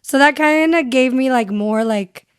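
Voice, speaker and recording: A woman's voice: sits high, unhurried, clean tone, no room sound, clean studio sound. A young woman speaking as a podcast guest and radio host, telling her story candidly and switching between English and Spanish. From San Diego. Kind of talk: casual interview chat.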